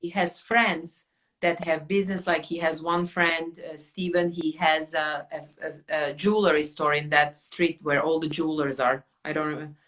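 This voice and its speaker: Woman host, bright tone, chatty and rambling. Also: sits low, fairly even intonation, normal speed. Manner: chatty, many fillers and restarts. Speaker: podcast host. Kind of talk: casual chat.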